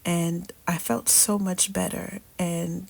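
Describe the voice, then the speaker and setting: A young woman shares a personal story in a candid, casual way, with slangy asides and easy laughter. Her voice sits a little low and has a strong gravelly fry. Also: little pitch movement, slow pace, darkish tone. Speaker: storytelling host.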